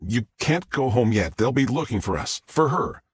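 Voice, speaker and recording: A man voicing a steady, protective young man who speaks in a low-key, reassuring way. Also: normal speed, breathy edge, no echo, studio quality. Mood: urgent.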